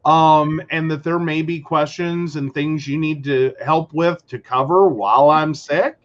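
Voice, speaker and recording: A man co-hosting a talk show, chatting casually and telling stories with lively quoted dialogue. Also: on the high side, a little slow, lo-fi sound. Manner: animated storyteller who acts out quotes. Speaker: podcast co-host. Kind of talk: casual chat.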